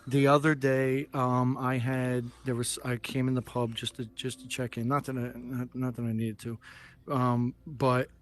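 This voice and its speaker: A man speaking earnestly to an audience, halting with many fillers and restarts. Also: mid-range voice, level tone. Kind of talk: casual speech to an audience.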